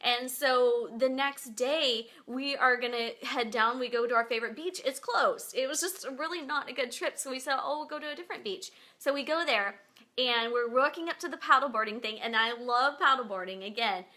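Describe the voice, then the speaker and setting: A woman's voice: high-pitched, moderate pace, bright, forceful tone. A woman hosting her own show, chatting casually to viewers from home and rambling through stories with lots of fillers. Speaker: podcast host. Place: at home beside her bed.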